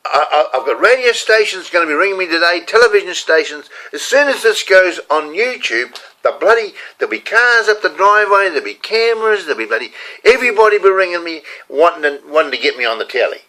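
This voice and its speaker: Middle-aged man, New Zealand accent, ranting vlog monologue, lively swooping pitch, bright forceful tone. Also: quick pace, rough recording. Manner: animated, ranting, reads a letter aloud with asides. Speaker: vlogger and motivational speaker.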